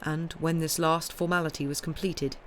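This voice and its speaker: A woman's voice: deep voice, fairly even intonation, moderate pace, a little hiss or hum. Woman reading a classic novel aloud. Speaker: audiobook reader and streamer. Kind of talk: live-streamed novel reading.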